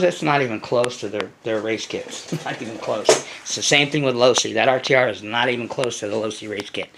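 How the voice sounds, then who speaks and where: A man with a gravelly, rough-edged voice talks straight to his viewers in a blunt, unpolished vlog rant. He swears freely, restarts his sentences and loads them with fillers, and he breaks into animated asides as he goes. His pitch sits in the middle range for a man. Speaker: RC car channel host.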